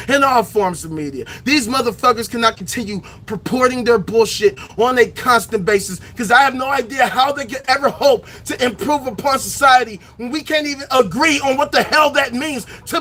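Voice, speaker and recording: Man for a ranting vlog host: high, sharp voice, loud and angry, shouts a lot, swears constantly. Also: normal speed, few pauses, husky. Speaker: online show host. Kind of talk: profane impassioned rant.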